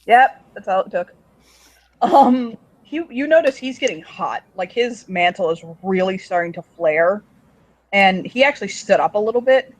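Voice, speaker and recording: A man's voice: sits high, animated, normal speed. A man narrating as game master in a tabletop game, rambling with many fillers and casual swearing. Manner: rambling, lots of likes and ums, casual swearing.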